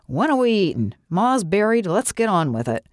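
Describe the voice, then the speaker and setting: A woman reading the lines of a gruff, complaining 84-year-old male farmer in a story. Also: mid-range voice, very animated, moderate pace, no echo, studio quality, voice pushed up, natural voice. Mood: gruff grumbling.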